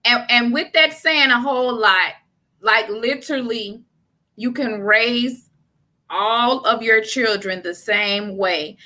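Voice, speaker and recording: A woman co-host talks in a casual, opinionated way. Her voice sits a little high and sounds bright. She presses each point hard, ready for an argument. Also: slow pace. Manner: emphatic, argumentative. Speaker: podcast co-host.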